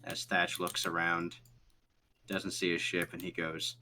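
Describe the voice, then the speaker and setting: A man's voice: deep voice, level tone, measured pace, sharp tone, slight background noise. A man narrating as game master, rambling through descriptions with lots of fillers.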